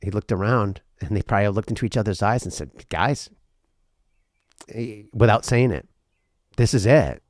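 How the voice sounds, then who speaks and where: A male podcast host talking alone, earnest and rambling, with a lot of repeated words, going from intense to quiet and emotional. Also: on the low side, quick pace, hardly any pauses, no echo, studio quality. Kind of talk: reflective solo podcast monologue.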